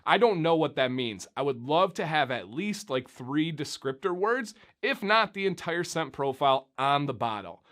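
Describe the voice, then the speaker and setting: A young man from Michigan reviewing beard oils in a casual, animated vlog, talking straight to viewers. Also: a little high, normal speed, hardly any pauses. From Michigan, USA.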